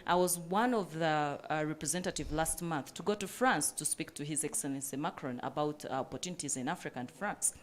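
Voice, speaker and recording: A woman's voice: sits low, a little fast, hardly any pauses, a little hiss or hum. A woman panelist who runs a coffee business, speaking earnestly and with passion at a panel discussion, with many fillers.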